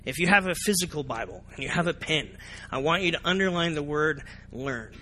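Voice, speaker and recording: Bright-voiced pastor preaching. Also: male voice, fairly high pitch, a little fast, a little hiss or hum. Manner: animated, asks the congregation questions, acts out reactions. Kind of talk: sermon. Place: church sanctuary.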